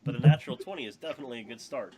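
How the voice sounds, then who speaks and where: A man running a tabletop game as dungeon master, narrating in a loose, halting way with many fillers. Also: medium pitch, a loud crowd. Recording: dull muffled audio with background hiss.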